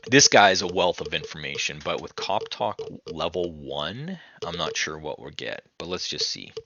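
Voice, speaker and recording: A man hosting a retro game let's play, chatting casually and reading the on-screen text aloud as he thinks out loud. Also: low-pitched, lively intonation, normal speed, lo-fi sound, slight background noise. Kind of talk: casual gameplay commentary.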